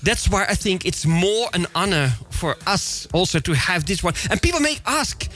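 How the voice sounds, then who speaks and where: A man hosting a casual radio interview, animated and laughing often, with halting restarts. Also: sits high. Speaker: radio show host.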